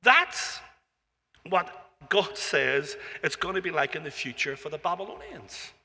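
Bright high-voiced preacher. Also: male voice, normal speed, vocal fry. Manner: conversational preaching with frequent "you know" and repeated phrases. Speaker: pastor. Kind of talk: sermon. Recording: long hall reverb.

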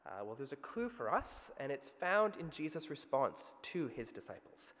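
A man with an Australian accent preaching a sermon, telling the story with vivid asides and a lively, expressive delivery. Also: high voice, normal speed, hardly any pauses, big-room sound.

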